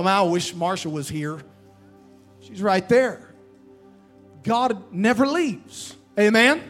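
A man preaching a sermon as pastor, calling for responses from the congregation and slowing down to stress key lines. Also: sits high. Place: church sanctuary.

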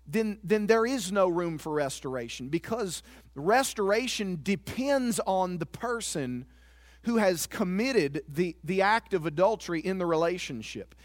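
A man's voice: sits high, animated, a little slow, no room sound. A man preaching a sermon as pastor, earnest and confessional, often repeating a word as he goes.

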